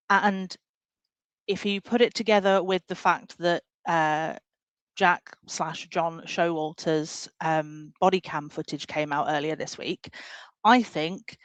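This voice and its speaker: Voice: medium pitch, fairly bright tone, clear, resonant tone, no room sound, low-quality recording. Chatty, laughing caller on a live stream. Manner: chatty, hesitant with many fillers, laughs lightly. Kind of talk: casual call-in conversation.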